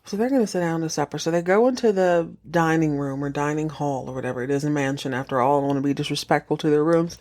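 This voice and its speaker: A woman hosting a podcast, recapping a TV episode in casual chat, jokey and animated, acting out the characters' lines. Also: low-pitched, fast, hardly any pauses.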